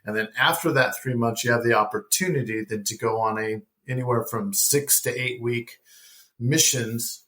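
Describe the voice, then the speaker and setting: A middle-aged man telling a personal faith story as a podcast guest, lively and acting out the dialogue he recounts. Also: mid-range voice, moderate pace. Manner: animated storyteller who acts out dialogue.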